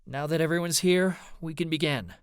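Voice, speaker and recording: A man's voice: a little high, moderate pace, clean tone, no echo, clean studio sound, voice pushed up, natural voice. A man voicing an earnest young male researcher. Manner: emphatic, slightly wavering.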